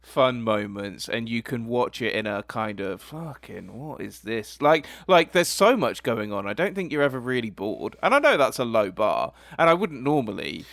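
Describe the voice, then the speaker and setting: A man's voice: mid-range voice, very animated, normal speed, hardly any pauses, fairly bright tone, no room sound, studio quality. A man co-hosting a casual film review podcast, easygoing and hesitant, often restarting his sentences. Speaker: podcast co-host.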